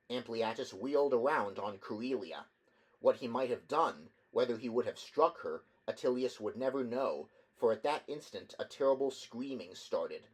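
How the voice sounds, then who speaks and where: A man reading a novel aloud as an audiobook, measured narration with occasional slips and restarts. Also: medium pitch, expressive, husky, rough recording. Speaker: audiobook reader.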